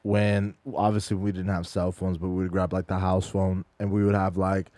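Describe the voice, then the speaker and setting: A man's voice: low voice, little pitch movement, normal speed, mellow, no echo. A man in a casual podcast chat, laid-back and slangy, swearing freely.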